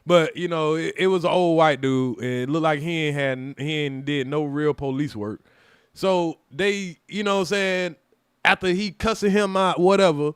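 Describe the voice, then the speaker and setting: A man, hosting a live stream and telling a profane, animated story in which he acts out every side. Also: sits high, smooth, no room sound, studio quality. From United States.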